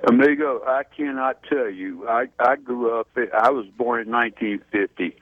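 Older Southern man calling in by phone. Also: mid-range voice. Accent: Southern American. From South Carolina. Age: 60s. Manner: halting, many fillers and restarts, folksy. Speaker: caller. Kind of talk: phone-in political talk. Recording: tinny phone line.

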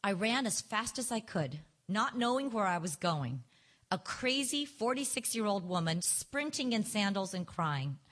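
A woman reading her own memoir aloud to a listening group, with wry, expressive storytelling and a husky voice. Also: mid-range voice, a little slow. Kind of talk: live book reading.

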